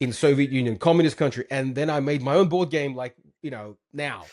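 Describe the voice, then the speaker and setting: Fast-talking man. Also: medium pitch, darkish tone. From Moldova. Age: 40s. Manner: rambling, many fillers and restarts. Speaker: guest entrepreneur. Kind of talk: casual interview chat.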